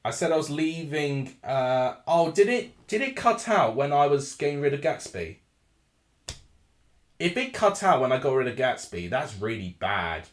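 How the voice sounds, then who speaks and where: A man hosting a live football watchalong, excitable and flustered, swinging between ranting and calm analysis over a desk microphone. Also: fairly high pitch, a little slow, echoey room. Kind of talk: live match commentary and chat.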